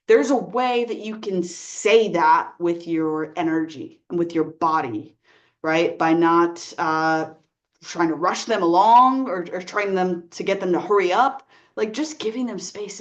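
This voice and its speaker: Earnest woman life coach, gentle advice. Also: on the low side, unhurried, highs cut off. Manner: earnest, gentle, repeats "right?" and "like". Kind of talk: advice talk to camera.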